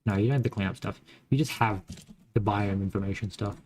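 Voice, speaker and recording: A man's voice: fairly low pitch, quick pace, darkish tone, a little hiss or hum. A man with a mild West Australian accent, a game developer chatting casually while coding, thinking aloud, rambling and swearing now and then. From Western Australia. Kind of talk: casual live-coding chat.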